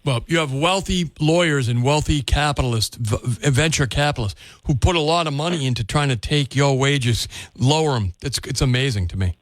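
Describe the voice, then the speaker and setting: Chatty radio host, dry studio sound. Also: male voice, mid-range voice, fairly quick, hardly any pauses, no echo. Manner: casual, chatty, stumbles and restarts words. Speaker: radio talk show host. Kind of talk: call-in radio talk. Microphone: studio microphone.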